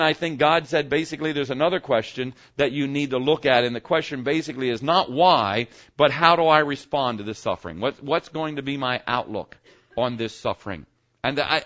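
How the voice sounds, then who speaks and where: A middle-aged man preaches in a relaxed, folksy way, stopping often to check that his listeners are with him. His voice sits a little high for a man and swings widely in pitch. The recording is muffled and lo-fi. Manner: folksy, conversational preaching with frequent "okay?" check-ins. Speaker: pastor. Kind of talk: sermon.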